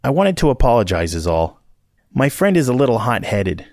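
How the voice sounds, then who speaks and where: A man's voice: mid-range voice, sing-song, moderate pace, a little mellow, no echo, studio quality, pitched above the performer's own voice. A man voicing a shy, apologetic curly-haired teenage boy in an audiobook. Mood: sheepish.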